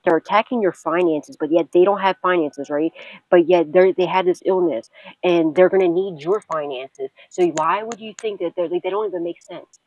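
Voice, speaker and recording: A woman's voice: lowish voice, a little mellow, poor audio. A woman speaks straight to her viewers as a tarot reader, talking through a reading in a blunt, unfiltered way. She swears freely and laughs often. She also circles back again and again to comfort the listener. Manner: blunt and profane, with frequent laughs and repeated reassurances.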